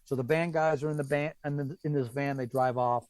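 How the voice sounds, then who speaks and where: A man telling stories as a guest drummer in a casual chat, acting out quotes in a higher voice. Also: fairly quick, no echo. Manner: animated, acts out quotes with raised pitch. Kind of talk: casual storytelling.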